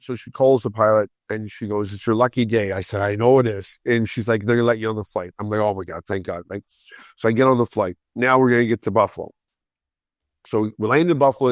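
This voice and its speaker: A man in his forties telling a long story on a podcast in a casual way. He acts out the other people's voices, repeats words when he gets excited, and laughs along. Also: mid-range voice, dry recording, studio quality. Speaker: guest storyteller.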